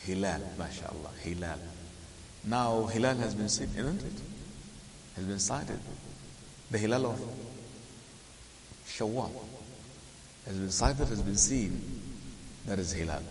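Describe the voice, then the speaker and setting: A man teaching a Quran and Arabic grammar lesson, explaining slowly, quizzing his listeners and chanting the Arabic verses. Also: fairly low pitch, expressive, darkish tone. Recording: hissy recording with long reverb.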